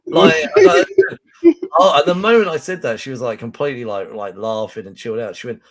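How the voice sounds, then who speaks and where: A man's voice: medium pitch, very animated, a little fast, fairly bright tone. A middle-aged man hosting a podcast, rambling through a self-mocking story in casual chat. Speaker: podcast host.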